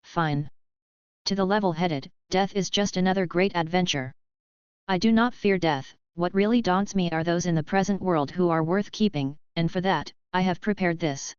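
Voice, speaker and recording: A woman voicing an elderly male headmaster wizard, speaking calmly, politely and in a measured way. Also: on the low side, clean tone, no echo, dull audio, close to an everyday voice. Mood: calm, gentle.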